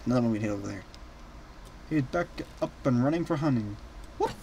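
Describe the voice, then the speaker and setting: Excitable young man narrating a game. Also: medium pitch, a little fast, slight background noise. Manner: excitable, shouting and cackling at the game. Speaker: gaming channel host. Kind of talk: let's play commentary.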